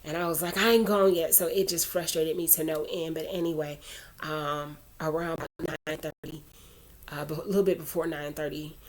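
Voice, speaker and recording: A woman's voice: low voice, flat delivery, normal speed. A woman vlogger telling a personal faith story in a chatty, rambling way, full of asides, turning earnest when she urges prayer. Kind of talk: casual storytelling to camera.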